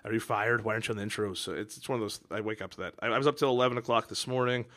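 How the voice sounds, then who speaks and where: A man's voice: lowish voice, steady tone, very fast, pushed and bright. A man hosting a podcast, ranting in a rambling, exasperated way with lots of restarts. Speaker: podcast host. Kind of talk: casual monologue.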